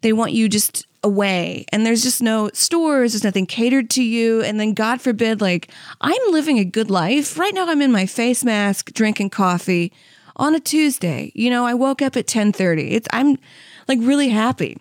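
A woman's voice: a little high, expressive, moderate pace, no echo. Chatty woman in her thirties, dry close sound. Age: 30s. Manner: rambling, candid and self-mocking, with frequent "like" and "you know what I mean". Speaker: podcast host. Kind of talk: comedic monologue.

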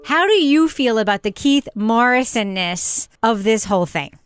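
A woman hosting a podcast review show, chatting in a lively, opinionated way and laughing easily. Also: on the high side, normal speed, clean tone, no room sound, soft background music. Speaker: podcast host. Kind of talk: casual review chat.

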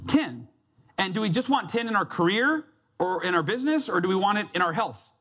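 A man's voice: sits high, lively intonation, a little fast, fairly bright tone. A man giving a motivational talk to a live audience, telling a personal story and acting out the quoted voices. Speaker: success coach and speaker.

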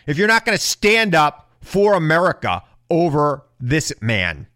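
A man's voice: a little high, big pitch swings, a little slow, hardly any pauses, dry recording. Indignant man, dry close sound. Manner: indignant, rising to shouted rhetorical questions. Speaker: political commentator. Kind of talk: impassioned political monologue.

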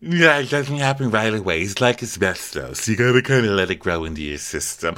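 A man co-hosting a podcast, chatting casually and laughing easily as he recaps. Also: on the low side. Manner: animated, quick to laugh. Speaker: podcast co-host.

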